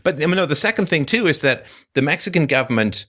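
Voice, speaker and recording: A man hosting a conversational interview, talking in quick bursts and slipping into mock voices. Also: fairly high pitch, expressive, pushed and bright. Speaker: host.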